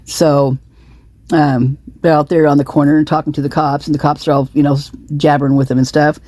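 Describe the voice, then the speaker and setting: A woman rambles through casual true-crime commentary, indignant and repetitive, with a low, dark and husky voice. She has the hiccups, and the dry, close sound carries no room around her. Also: little pitch movement, brisk, no room sound. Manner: indignant, repetitive, many restarts and asides.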